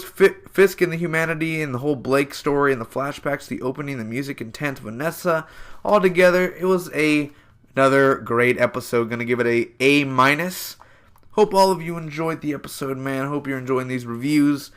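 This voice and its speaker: A man's voice: on the high side, a little fast, fairly bright tone. A man in his twenties giving a casual spoken review of a TV episode, loose and rambling with lots of fillers and self-corrections. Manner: enthusiastic, addresses viewers as "man" and "guys".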